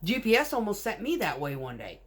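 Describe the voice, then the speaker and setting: A woman's voice: medium pitch, wildly swooping pitch, a little fast. A woman, a concrete mixer truck driver, telling work stories in a blunt, casual way full of swearing. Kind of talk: casual storytelling.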